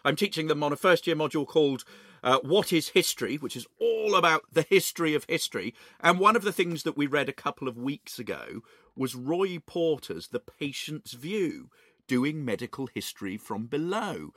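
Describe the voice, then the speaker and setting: Lively, animated man, a history professor. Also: a little high, normal speed, no echo. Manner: animated, playful, lively storytelling. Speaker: history professor and podcast co-host. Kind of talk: enthusiastic conversational podcast talk. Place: home study or shed, recording remotely.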